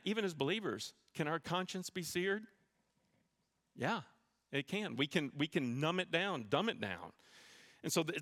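Conversational pastor preaching in a reverberant hall. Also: male voice, mid-range voice, fairly bright tone. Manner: conversational preaching with asides and humor. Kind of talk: sermon.

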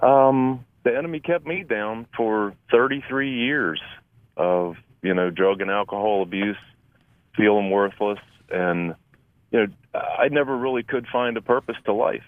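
A man in his fifties with a very low, deep voice speaks earnestly and plainly. The line is thin and tinny, like a phone call, and the sound is dry and close. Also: a little slow, no echo. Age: 50s. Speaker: guest volunteer. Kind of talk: radio interview.

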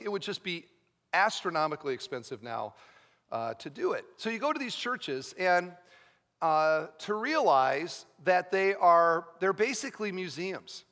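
Pastor guy preaching, bright forceful voice, lots of hall reverb. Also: sits high. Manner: chatty storytelling that builds to fervent preaching. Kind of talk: sermon. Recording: long reverb of a large hall.

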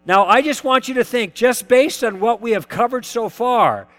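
High-voiced man lecturing through anecdotes. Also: normal speed, a bit bright. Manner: acts out both sides of past dialogues, poses questions to the audience. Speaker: lecturer teaching conversation tactics.

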